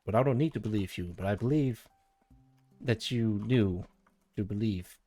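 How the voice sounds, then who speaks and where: A man's voice: lowish voice, moderate pace, dark tone, no echo, faint music behind. A man streaming live, chatting casually and thinking aloud as he rambles through tangents with his viewers.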